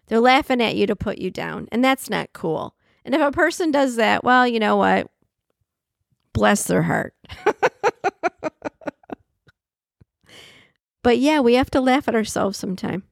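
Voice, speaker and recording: A middle-aged woman hosting a podcast, talking candidly in a chatty, reflective way and often laughing, her voice leaping up in pitch for emphasis. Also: expressive, normal speed, creaky, no echo, studio quality. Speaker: podcast host. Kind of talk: reflective solo podcast monologue.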